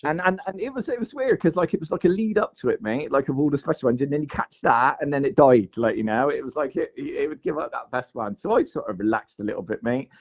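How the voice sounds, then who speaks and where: A man's voice: mid-range voice, expressive, fast talker, creaky, few pauses. A man telling a long fishing story in a casual, rambling way, full of "mate" and "like". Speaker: guest angler. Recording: dull lo-fi audio.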